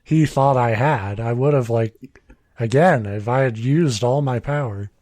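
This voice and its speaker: A man's voice: mid-range voice, measured pace, a little mellow, no room sound. A man in his early thirties reading a story aloud on a casual podcast, breaking off for asides and correcting himself. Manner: reads aloud with asides, chuckles, self-corrections.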